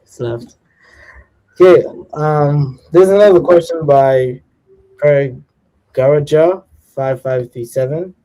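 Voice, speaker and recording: A man with a mellow, dark voice co-hosts a livestream. He reads out chat greetings and viewer questions in a relaxed way. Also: a little high, slow pace, poor audio.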